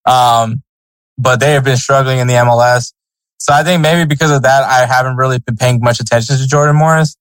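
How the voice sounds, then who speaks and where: A man's voice: mid-range voice, steady tone, a little fast, smooth, dry recording, poor audio. A man co-hosting a sports podcast in casual chat, rambling with many fillers and restarts. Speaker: podcast co-host.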